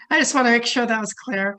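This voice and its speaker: A woman working as a channeler, giving a slow, chanted blessing in light language during a channeling session. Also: fairly high pitch, sharp tone.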